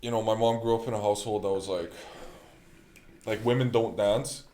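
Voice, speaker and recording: A young man, a podcast guest, telling stories in relaxed, slangy casual chat. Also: on the low side, moderate pace.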